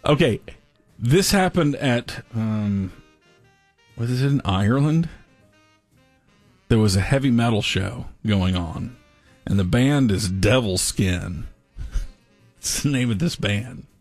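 A man co-hosting a casual talk show, telling a gross news story in an animated way and laughing through it. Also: on the low side, slow, long pauses, dry recording, faint music behind. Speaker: podcast co-host. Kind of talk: casual chat, reading a news story aloud.

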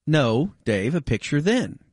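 A man's voice: a little high, sing-song, a little mellow, no echo, studio quality. Teasing man in radio banter. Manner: teasing, quick comebacks. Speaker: radio co-host.

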